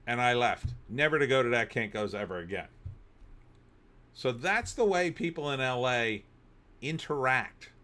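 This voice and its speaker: A middle-aged man, hosting a livestream and telling animated stories between reading chat comments, sometimes bursting into shouting. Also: medium pitch. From New Jersey. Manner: animated storyteller, bursts into shouting when riled. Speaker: host.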